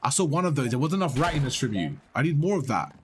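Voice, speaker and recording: A young man giving blunt, animated coaching on gameplay, swearing freely as he explains. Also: a little high, fast talker, noisy background. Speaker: gaming coach. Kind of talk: casual coaching over gameplay.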